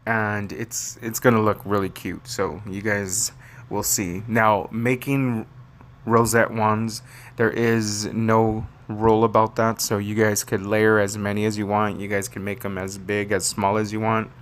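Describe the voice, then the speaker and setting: A man's voice: on the low side, flat delivery, measured pace. A man hosting a papercraft tutorial, talking casually and rambling as he explains each step. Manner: chatty, rambling, fond of pet phrases. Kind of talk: casual step-by-step craft demo.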